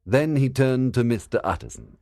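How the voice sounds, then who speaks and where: A man narrating a story for English learners in a clear, measured reading style. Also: medium pitch, big pitch swings, darkish tone, no room sound, clean studio sound.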